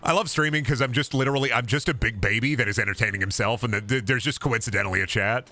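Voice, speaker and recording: A hoarse man streaming a game, chatting casually in a rambling, profane way that keeps restarting. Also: mid-range voice, fast talker, bright, forceful tone. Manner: rambling, profane, self-interrupting. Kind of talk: casual gameplay chat.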